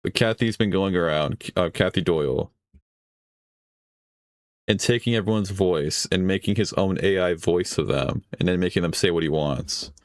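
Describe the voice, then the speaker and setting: Studio-quality audio with no echo captures a stream host's low voice at a moderate pace. Reacting to a video, he gives rambling casual commentary, swearing often and breaking into laughter mid-sentence.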